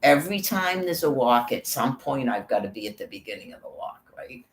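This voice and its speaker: A man's voice: medium pitch, very animated, brisk, echoey room, a little hiss or hum, low-quality recording. A man vlogging on a walk, talking in a rambling, profane monologue and calling out viewers by name. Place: outdoors on a walk.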